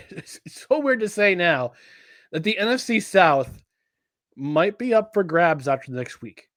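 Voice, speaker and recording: A man co-hosting a sports podcast in casual chat, animated and jokey, often restarting his sentences. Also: sits high, a little slow, no room sound, studio quality. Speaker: podcast co-host.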